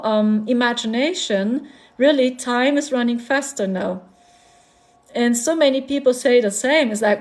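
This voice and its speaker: A woman's voice: fairly high pitch, darkish tone. A woman chatting on a live stream, laughing often and repeating herself as she talks. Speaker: spiritual vlogger. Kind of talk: casual live-stream chat.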